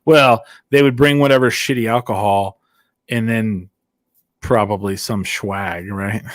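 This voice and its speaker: A man's voice: fairly low pitch, steady tone, takes it slowly, no echo, clean studio sound. A man hosting a casual podcast chat, telling rambling stories and laughing often. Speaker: podcast host.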